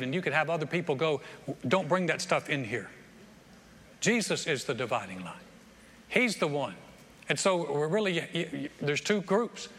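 A man preaching a lively sermon as pastor, repeating phrases and acting out other people's voices, on a stage microphone in a church auditorium. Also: fairly high pitch. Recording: long hall reverb, faint room noise.

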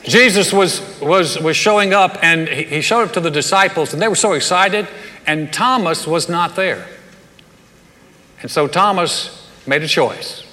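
A man delivers a sermon with a bright, forceful voice that sits a little high. He tells the story casually and animatedly and slips in jokes. The recording has the long reverb of a hall. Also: measured pace. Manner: conversational, animated storytelling with humor. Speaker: pastor.

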